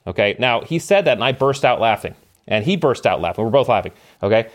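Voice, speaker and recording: A middle-aged man telling an animated story as a podcast guest, with emphatic delivery and ready laughter. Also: mid-range voice, fast. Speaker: podcast guest, former special operations member. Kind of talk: storytelling in casual conversation.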